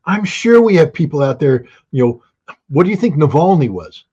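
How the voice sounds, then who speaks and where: A guest commentator gives opinionated interview talk, blunt and emphatic, firing off rhetorical questions and answering them himself. His voice is a little high, sing-song and mellow with a breathy edge, at normal speed, and the highs are cut off.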